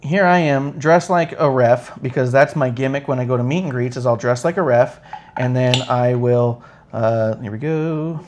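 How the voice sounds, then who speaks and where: On a live podcast, the host wanders through a story full of swearing, switching voices to perform what people said. His mid-range voice has a darkish tone at normal speed, with slight background noise behind it.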